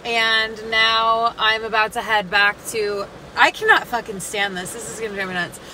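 Bright, profane young woman vlogging from her car. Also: on the high side, normal speed, slight background noise, poor audio. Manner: profane, chatty and self-mocking. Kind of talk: casual day-in-the-life vlog.

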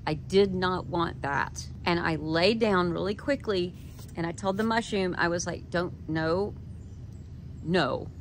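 A woman talking straight to camera, telling a personal story in an animated way and acting out her own quoted thoughts. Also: lowish voice, normal speed, slight background noise. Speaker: video creator.

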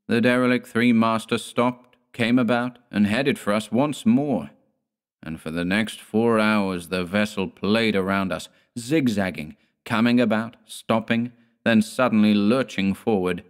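A man reading a horror story aloud in measured, dramatic storytelling. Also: lowish voice, clean tone. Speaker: narrator. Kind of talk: scripted horror audiobook narration.

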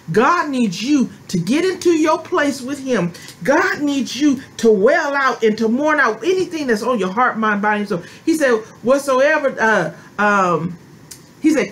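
A woman's voice: a little high, a bit bright. A woman preaching an impassioned sermon to ministers, repeating her calls and breaking into bursts of tongues.

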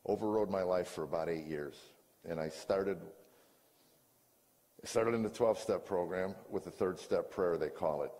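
A man's voice: low-pitched, normal speed. Older man telling his story in a hall. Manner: earnest storytelling that rises into loud exasperation. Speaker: comedian giving a personal testimony. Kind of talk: confessional stage monologue. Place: stage before a live audience in a large hall. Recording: long hall reverb.

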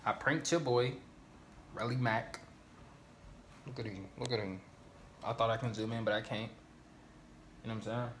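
A man's voice: medium pitch, fairly even intonation, moderate pace, long pauses, fairly bright tone. A young man pulling a prank on his brother, teasing and taunting him in casual banter. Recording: roomy, far from mic, faint noise.

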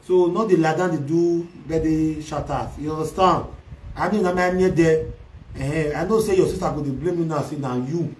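Switching among Pidgin, Yoruba and Igbo, a man delivers a loud, mocking rant as livestream commentary on social media. His voice is high for a man and moves at a moderate pace, ringing through a roomy, echoey space from a mic set at a distance.

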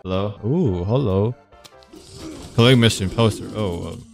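A man's voice: on the low side, normal speed, faint music behind. Jumpy, swearing young man playing horror. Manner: jumpy, swears a lot, easily startled; rambling, self-mocking venting. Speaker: gaming video creator. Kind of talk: horror game commentary.

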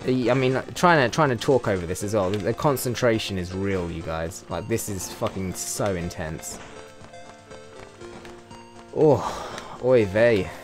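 A man with a British accent giving sarcastic, profanity-laced commentary while playing a video game, often breaking into loud excited yelps. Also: lowish voice, unhurried, faint music behind. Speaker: let's play host. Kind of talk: casual gameplay commentary.

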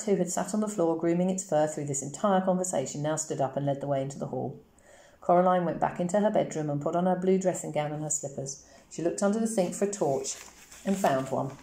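A woman teacher reading a novel aloud to her class for a lesson, in a slow, expressive storytelling manner. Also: low voice. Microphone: camera. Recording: roomy echoey recording.

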